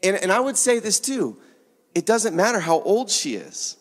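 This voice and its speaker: A man with a high-pitched voice delivers a sermon, earnest and conversational. He slips into little acted exchanges as he talks. The sound hangs in a long, echoing hall. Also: very animated, moderate pace. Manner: earnest, conversational, acts out dialogue. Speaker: pastor.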